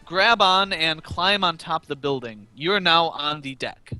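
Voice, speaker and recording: Easygoing bright-voiced game master. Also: male voice, fairly high pitch, animated, a little slow, no echo, soft background music. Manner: easygoing, fillers and restarts while describing scenes. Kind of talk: narrating a tabletop game over voice chat.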